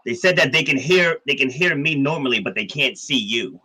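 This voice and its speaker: A man's voice: medium pitch, expressive, fairly quick, bright, forceful tone, husky, rough recording. A man in his fifties hosting a live-streamed interview in an easygoing way. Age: 50s. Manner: easygoing, laughs it off. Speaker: podcast host.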